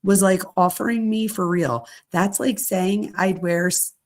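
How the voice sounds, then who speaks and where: A woman's voice: medium pitch, steady tone, measured pace. A woman hosting a true crime channel, reading text messages aloud and reacting in slangy, outspoken casual commentary. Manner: slangy, reactive, speaks her mind.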